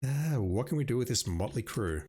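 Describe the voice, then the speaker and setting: A man talks his way through an old adventure game, dry and self-mocking. His pitch sits in the middle but moves with an animated, lively swing. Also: moderate pace, breathy edge. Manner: wry, self-mocking, reads game text aloud. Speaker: gamer playing a classic adventure game. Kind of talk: let's play commentary.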